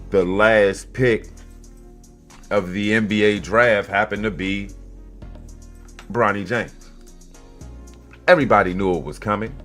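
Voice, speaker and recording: With a fairly low-pitched voice, a man delivers a casual podcast monologue. He's a youth basketball coach, and his storytelling is animated, profane, and blunt.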